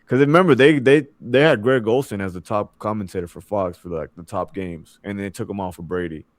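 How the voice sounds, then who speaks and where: Low-voiced young man rambling casually. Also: brisk, dry recording. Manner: loose and rambling, filler-heavy, mimics announcers. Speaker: podcast co-host. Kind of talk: casual sports chat.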